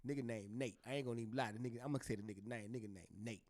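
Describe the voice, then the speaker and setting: A man's voice: medium pitch, very fast. A man from Cleveland, Ohio, co-hosting a podcast, joking and trading stories in casual banter. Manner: animated, joking, laughs loudly.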